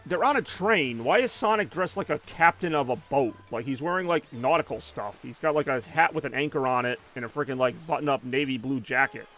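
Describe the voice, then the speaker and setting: A man's voice: mid-range voice, a little fast, hardly any pauses, a bit bright, soft background music. A young man chatting casually and rambling while he plays a video game on a live stream. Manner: rambling, conversational, many fillers.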